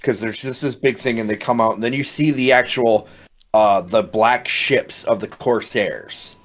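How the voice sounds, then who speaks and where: A man co-hosting a podcast, retelling movie scenes in a rambling, animated way with casual swearing. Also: mid-range voice, a little slow. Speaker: podcast co-host.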